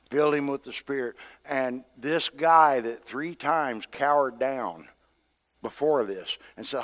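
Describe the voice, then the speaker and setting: A man's voice: medium pitch, a little slow, fairly bright tone. A man preaching a sermon to his church in a conversational, storytelling way, acting out what the people in the story say. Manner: conversational storytelling preacher who acts out quotes. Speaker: pastor. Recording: long hall reverb.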